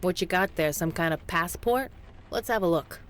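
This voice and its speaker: A man's voice: high-pitched, normal speed, fairly bright tone. A man voicing an easygoing, concerned companion character who teases a little. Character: concerned, wisecracking game companion.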